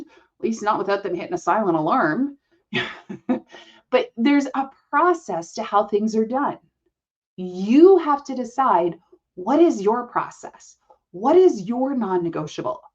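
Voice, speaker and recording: A woman's voice: fairly high pitch, expressive, unhurried. Direct woman coaching on a dull recording. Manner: direct, matter-of-fact, talks to the listener as "you". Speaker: podcast host and business coach. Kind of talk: coaching podcast monologue.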